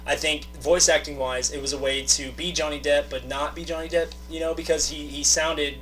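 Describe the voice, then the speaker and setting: A man's voice: a little high, steady tone, moderate pace, fairly bright tone, faint music behind. A young man in his twenties hosting a casual movie podcast, rambling and joking, often breaking into laughter. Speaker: podcast host. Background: friends chatting and laughing.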